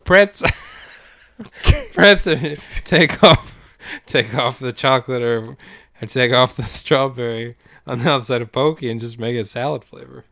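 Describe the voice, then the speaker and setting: A man's voice: mid-range voice, takes it slowly, gravelly, sharp tone. A man from the United States co-hosting a casual podcast chat, loose and profane, laughing as he talks. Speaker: podcast co-host.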